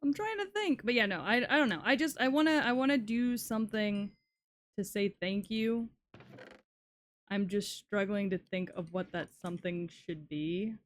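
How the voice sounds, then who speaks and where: A young woman chatting casually with her viewers while playing a game, swearing often and reacting loudly to chat messages. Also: medium pitch, moderate pace. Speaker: streamer. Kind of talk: casual live-stream chat while gaming.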